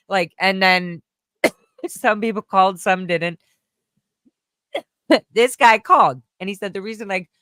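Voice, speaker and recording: Storyteller woman from California, chatty and rambling, smooth voice, dry sound. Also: on the low side, moderate pace, no room sound. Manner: rambling, animated, full of fillers, acts out voices. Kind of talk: casual chat, storytelling.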